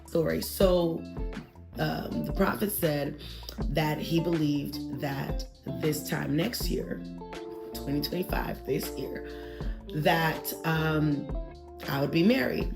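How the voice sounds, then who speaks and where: A woman in her thirties, telling a personal story to camera in a lively, expressive way and acting out what people said. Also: sits low, takes it slowly, vocal fry, music in the background. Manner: animated, expressive, acts out quotes with exaggerated reactions.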